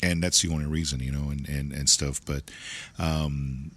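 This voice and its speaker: Super deep guy, rambling, lots of restarts, chatting as a guest. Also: steady tone, moderate pace, fairly bright tone. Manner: rambling, many restarts and fillers. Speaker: dealership general manager, guest. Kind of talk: casual interview chat.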